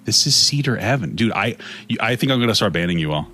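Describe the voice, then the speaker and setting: A man's voice: lowish voice, lively intonation, fast, bright, forceful tone, soft background music. A man streaming, swearing through an angry rant and later talking through an apology. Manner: angry, profane ranting with mocking voices. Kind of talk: livestream rant and apology video.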